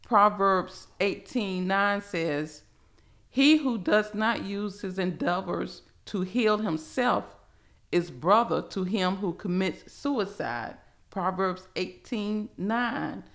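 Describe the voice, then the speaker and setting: A middle-aged woman, a pastor who speaks earnestly and deliberately while teaching scripture on a podcast. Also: medium pitch, a bit bright.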